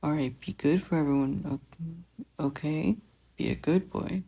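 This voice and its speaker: A fan fiction reader voicing a gentle, doting teenage older brother who talks in a soft, coaxing way. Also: mid-range voice, moderate pace, creaky, slightly rough. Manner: soft, coaxing, tender teasing. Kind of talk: fan fiction audiobook reading.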